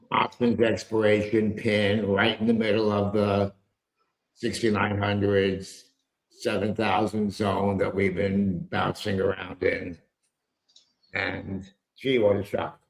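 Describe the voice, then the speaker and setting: A man's voice: on the low side, flat delivery, slow pace, creaky, echoey room. A man hosting a live trading stream, giving casual market commentary in a rambling, wry way with loose asides and mild cursing. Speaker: trading show host. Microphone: earpiece with a microphone.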